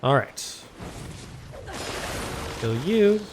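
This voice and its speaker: A man's voice: a little high, sing-song, drawn-out words, background noise. A man giving casual walkthrough commentary on a video game, rambling and correcting himself with wry asides, recorded at home on a desk microphone.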